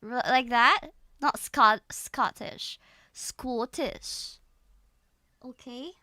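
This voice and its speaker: A woman's voice: high-pitched, lively intonation, moderate pace, creaky, sharp tone, dry recording. A young woman streaming, giggling and repeating words as she practices accents. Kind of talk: livestream chat.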